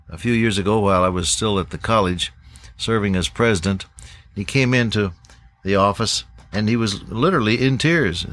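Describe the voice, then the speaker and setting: An older man preaching a sermon to pastors in a folksy, unhurried way, with many pauses and uh's. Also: fairly low pitch, fairly bright tone.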